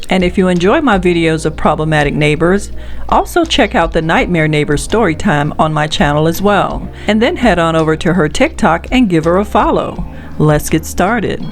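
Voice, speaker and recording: A woman hosting her video channel, giving a measured scripted introduction. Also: fairly low pitch. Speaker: channel host.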